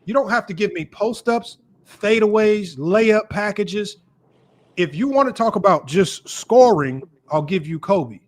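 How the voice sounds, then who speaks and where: A man's voice: high voice, expressive, measured pace. A man hosting a heated sports debate, repeatedly cutting in to hold the floor and tally points. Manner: keeps cutting in with "hold on", tallies points methodically. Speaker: debate host.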